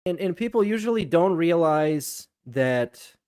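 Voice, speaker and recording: A man's voice: fairly high pitch, lively intonation, a little slow, a little mellow, no echo, clean studio sound. A man co-hosting a podcast in casual chat, agreeable and hesitant, with many fillers and restarts. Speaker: podcast co-host.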